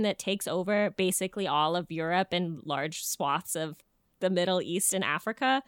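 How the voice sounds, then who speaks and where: A woman's voice: on the low side, moderate pace, clean tone, no echo, studio quality. A young woman co-hosting a podcast, telling folklore in a jokey, swearing, casual way. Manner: animated, jokey, swearing storyteller. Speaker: podcast co-host.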